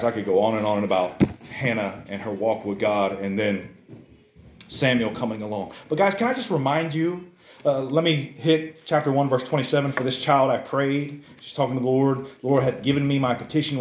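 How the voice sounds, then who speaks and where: A man's voice: medium pitch, normal speed, a little hiss or hum. Guy preaching a chatty sermon at church, keeps saying guys, room echoes a lot. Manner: conversational, animated, keeps addressing the listeners as "guys". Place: church service.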